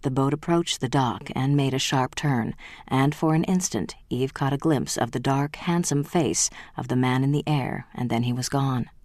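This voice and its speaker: Brief: steady novel narrator, mid pitch, close and dry. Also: moderate pace, dry recording. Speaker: audiobook narrator. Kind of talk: scripted narration.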